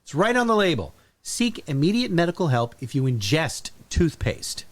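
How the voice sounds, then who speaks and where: A man co-hosting a relaxed podcast chat. His voice sits in a middle register but moves around a lot in pitch. He lays out facts in a steady, matter-of-fact way, with the odd filler. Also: normal speed. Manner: lively, matter-of-fact reading of safety facts. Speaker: podcast co-host. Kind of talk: casual chat.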